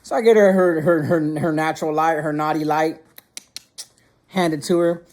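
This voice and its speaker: A man's voice: on the high side, steady tone, normal speed, a little mellow. A young man telling a funny personal story in casual slang, repeating words and restarting sentences as he goes.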